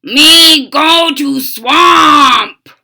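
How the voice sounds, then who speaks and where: A woman's voice: sits high, extremely slow, pushed and bright, voice pushed up, full character voice. A woman voicing a big, stubborn, simple-minded male frog creature who bellows in broken speech. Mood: bellowing.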